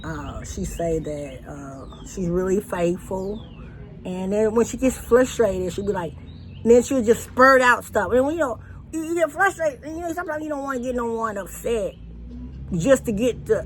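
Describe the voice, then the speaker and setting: A woman's voice: on the high side, lively intonation, normal speed. Rambling woman on a noisy roadside. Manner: casual, profane, full of fillers and restarts. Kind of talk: rambling personal monologue. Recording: noisy with passing traffic.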